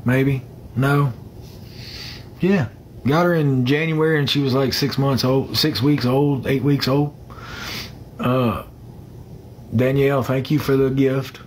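A man, talking on a casual livestream at a middle pitch. His talk wanders from thought to thought, with plenty of fillers and quick hellos to viewers. There is a faint hum of room noise behind him. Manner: rambling, greets viewers by name, many fillers.

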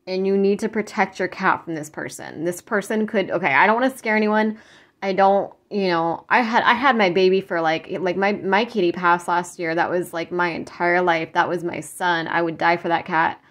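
A woman's voice: on the low side, steady tone, moderate pace. A woman giving a casual psychic tarot reading, talking in a rambling, earnest way with many restarts and fillers, and openly moved as she speaks. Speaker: tarot reader.

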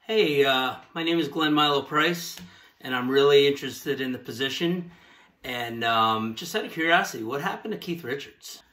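A man's voice: medium pitch, moderate pace, bright, forceful tone, roomy sound. A man playing himself as a goofy, nervous applicant in a satirical comedy sketch.

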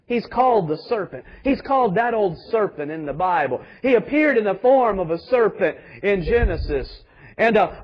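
High-voiced preaching man, lo-fi. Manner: emphatic preaching with rhetorical questions. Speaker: pastor. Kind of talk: sermon.

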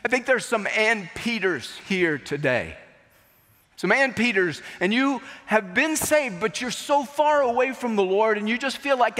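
A man's voice: high-pitched, expressive, moderate pace, fairly bright tone, in a large hall. A man preaching a sermon as a pastor, telling the story dramatically and acting out the quotes.

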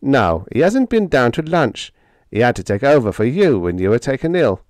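A man voicing an anxious, petulant male ship's steward with a fussy, hushed manner in a storybook reading. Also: medium pitch, sing-song, normal speed, no echo, voice pushed up, natural voice.

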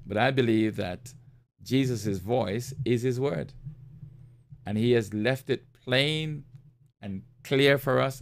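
A man's voice: medium pitch, no echo. Preaching man with a dry close sound. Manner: preaching with rhetorical questions and repeated scripture. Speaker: pastor. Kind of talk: sermon.

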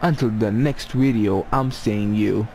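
A young man providing excited commentary over his own football video game, calling out players' names and cheering or groaning at each play. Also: lowish voice, unhurried, a little hiss or hum. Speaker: gaming YouTuber.

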